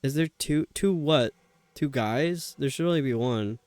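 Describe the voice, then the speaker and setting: A man's voice: mid-range voice, unhurried, darkish tone. A man streaming a video game live, talking to himself and his viewers in a grumbling, exasperated way. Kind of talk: live gameplay commentary.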